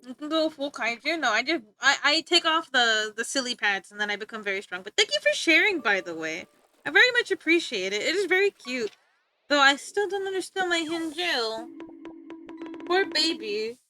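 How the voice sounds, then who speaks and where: A woman's voice: high voice, big pitch swings, moderate pace, pushed and bright, faint music behind. A woman streaming live, chatting casually with her viewers, often giggling and talking back to chat. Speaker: livestreamer.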